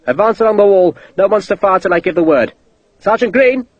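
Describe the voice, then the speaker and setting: A man's voice: high voice, expressive, fast, lo-fi sound, pitched above the performer's own voice. A man voicing a tough, blunt young British army ensign who barks short commands. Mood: commanding.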